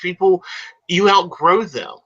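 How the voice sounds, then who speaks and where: A man's voice: sits high, unhurried, a bit bright. A man co-hosting a live psychic talk show, speaking emphatically and confidently. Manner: emphatic, confident, calls people honey. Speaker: psychic co-host. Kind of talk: casual chat on a live show. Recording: dull lo-fi audio.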